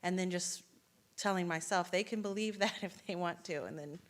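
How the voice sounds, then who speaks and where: A woman in a church discussion group, reflecting in a measured way on how she would respond. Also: fairly low pitch. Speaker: class participant.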